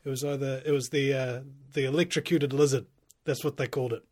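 A man chatting casually in a relaxed, slangy way, chuckling as he talks. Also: medium pitch, fast, breathy edge. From New Zealand. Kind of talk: casual conversation.

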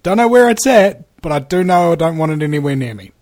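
A man hosting a casual conversation, rambling and joking, with quick puns. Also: fairly high pitch, animated, a little mellow, no echo, studio quality. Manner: jokey, rambling, puts on funny voices. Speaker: host.

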